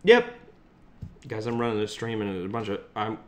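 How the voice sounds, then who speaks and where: A man's voice: fairly low pitch, expressive, moderate pace. A young man co-hosting a superhero show stream, chatting loosely and laughing a lot. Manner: loose, joking, laughs often. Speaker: co-host of a superhero TV review stream. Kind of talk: casual livestream banter.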